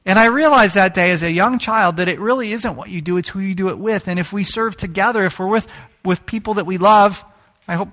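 A man preaching a sermon, telling stories in an animated way and joking with the congregation. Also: high-pitched. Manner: animated storytelling, jokes with the congregation. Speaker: pastor.

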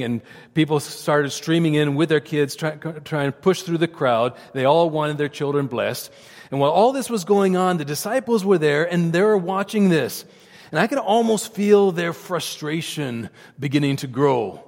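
A man preaching a sermon as pastor, earnest and animated, often repeating words as he explains. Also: on the high side, long reverb tail.

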